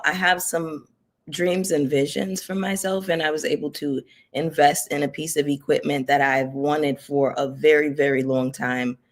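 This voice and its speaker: Picture a young woman settled in front of her camera, talking to her regular viewers in an easy, rambling way. Her delivery is sincere and heartfelt. She leans on plenty of filler words as she thinks aloud. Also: deep voice. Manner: chatty and heartfelt, many fillers. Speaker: reality TV commentary YouTuber. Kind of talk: casual direct-to-camera chat.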